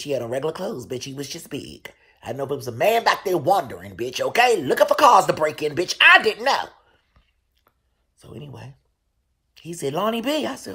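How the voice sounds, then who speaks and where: A man hosting a show, telling a story casually in a profane, animated way. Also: gravelly, husky. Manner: animated, profane storytelling with loud, high bursts. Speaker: show host.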